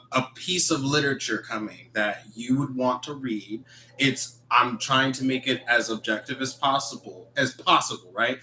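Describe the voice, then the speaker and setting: A man talking casually as a podcast guest, reading text messages aloud and reacting indignantly in an animated way. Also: mid-range voice. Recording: echoey room.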